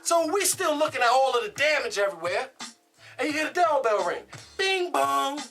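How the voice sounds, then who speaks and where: A woman casually telling a true story in an animated, profane way, laughing as she goes. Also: high voice, fairly quick, faint music behind.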